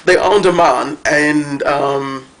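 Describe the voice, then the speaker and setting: A man excitedly reviewing a cartoon finale at home, gushing and rambling with lots of fillers. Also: on the high side, slow pace.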